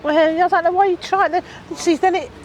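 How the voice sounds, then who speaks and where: A woman's voice: very high-pitched, steady tone, a little fast, slight background noise. A woman chatting casually outdoors on a seafront, making dry, wry remarks. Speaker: vlogger's wife. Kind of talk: casual chat.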